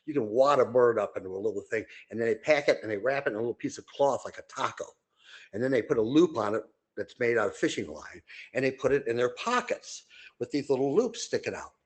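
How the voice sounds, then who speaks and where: An older man hosting a casual podcast, winding through anecdote after anecdote with fillers and false starts. His voice sits at an ordinary middle pitch, and he leaps sharply higher whenever he acts out what someone said. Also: animated, fast. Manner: rambling anecdotes with many fillers and restarts; acts out quoted people with sudden high voices. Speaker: podcast co-host. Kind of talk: casual storytelling chat.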